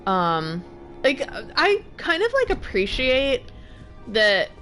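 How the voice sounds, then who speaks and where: A woman's voice: high voice, huge pitch swings, slow, sharp tone. A young woman chats through a game stream, tired and yawning but still laughing often. Her voice rises and falls a lot as she reads item text aloud and trails off mid-thought. Faint music plays behind her. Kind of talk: casual live-stream commentary.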